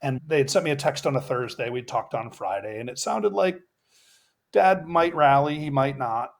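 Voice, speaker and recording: A man's voice: medium pitch, moderate pace, gravelly. A middle-aged man, an executive coach, telling a personal story in a podcast interview, reflective and earnest, with many fillers and restarts.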